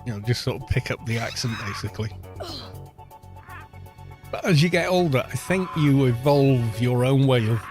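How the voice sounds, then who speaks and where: A man's voice: mid-range voice, moderate pace, pauses often, music in the background. A middle-aged Welsh man chatting casually and rambling as he streams a game, poking fun at himself. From Wales. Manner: self-mocking, rambling, chatty. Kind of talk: casual gameplay chat.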